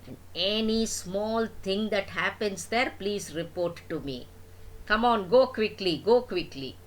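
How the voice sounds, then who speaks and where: A woman's voice: mid-range voice, unhurried, natural voice. An older woman voicing a commanding demon king who barks urgent orders.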